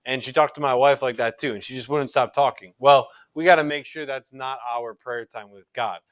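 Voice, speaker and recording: A man's voice: mid-range voice, fairly even intonation, normal speed, smooth, no echo. A middle-aged man teaching a recorded religion class in an earnest, conversational way, often restarting his sentences.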